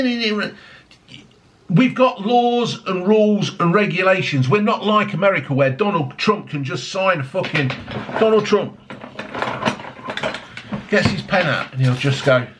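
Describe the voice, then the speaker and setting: A man's voice: on the high side, fairly bright tone. A man ranting angrily on his vlog, swearing heavily, mocking people and piling on tag questions. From United Kingdom. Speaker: vlogger. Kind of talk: angry political rant.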